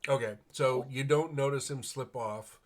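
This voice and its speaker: A man running a tabletop game, narrating a market scene and calling for dice rolls. He talks in a relaxed, unhurried way and often trails into fillers. His pitch sits in the middle of the usual male range. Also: a crowd in the background. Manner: relaxed, hesitant with frequent fillers. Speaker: game master.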